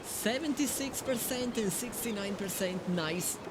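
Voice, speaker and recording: A woman's voice: mid-range voice, a little slow, heavy background noise. A woman with an Italian accent giving playful, joking live-stream commentary to her chat while playing a game. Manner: playful, jokey, addresses chat.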